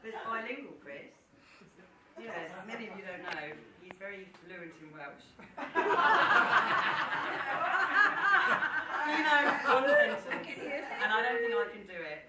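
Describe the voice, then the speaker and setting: A woman's voice: medium pitch, big pitch swings, a little slow, pauses often, heavy background noise. A woman giving a joking wedding reception speech, laughing through her stories about the groom. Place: large room at a wedding reception. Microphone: far camera. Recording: echoey hall, distant camera, loud chatter.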